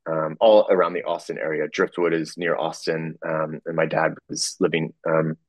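A man telling a personal story in a halting way, full of fillers, restarts and small chuckles. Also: a bass voice, flat delivery, no room sound.

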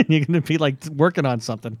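A man co-hosting a casual radio show, teasing his partner with quick questions and frequent laughs. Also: on the high side, no echo, studio quality. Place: radio studio.

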